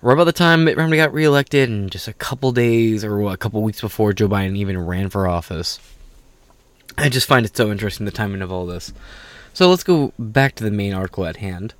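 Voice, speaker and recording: A man's voice: fairly low pitch, lively intonation, a little fast, smooth, no room sound. Tired, profane man riffing on politics. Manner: profane, rambling, sarcastic asides. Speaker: political commentary host. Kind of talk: casual political commentary, reading an article.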